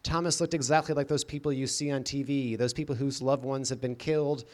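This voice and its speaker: Man reading an audiobook, deadpan and dry, mid pitch. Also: fairly quick. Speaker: audiobook narrator. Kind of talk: scripted first-person narration.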